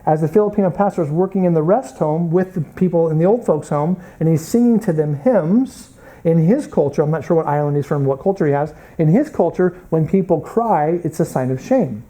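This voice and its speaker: A man's voice: on the high side, brisk, dark tone, low-quality recording. An American man teaching a Bible college class, lecturing through stories and acting out the people in them. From United States. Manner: storytelling, acts out quoted people.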